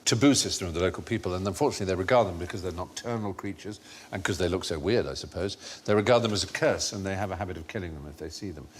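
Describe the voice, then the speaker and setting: A man's voice: sits low, rapid-fire, slight background noise. A man with an English accent hosting a studio panel quiz show, explaining facts in an erudite way and laughing often. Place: TV studio with audience.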